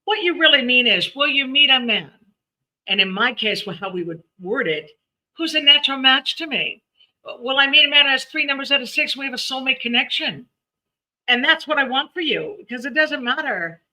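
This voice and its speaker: A woman hosting a live stream, giving numerology readings in a chatty, animated way and laughing often. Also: high-pitched, a little fast. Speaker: numerologist host.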